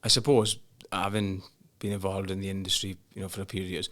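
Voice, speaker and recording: Male host, very low and level voice, bright and sharp tone, leading questions. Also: little pitch movement, fast talker. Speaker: podcast host. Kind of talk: interviewing.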